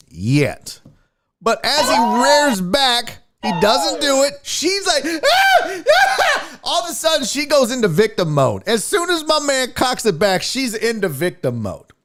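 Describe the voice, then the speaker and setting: Animated, profane sports host. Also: male voice, extremely high pitch, a little hiss or hum. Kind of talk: casual video breakdown commentary.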